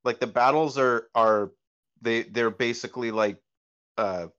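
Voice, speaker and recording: A man's voice: medium pitch, measured pace, fairly bright tone, clear, resonant tone. A man joining a casual podcast chat, chatty and prone to restarting his sentences. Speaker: podcast co-host. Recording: dull lo-fi mic.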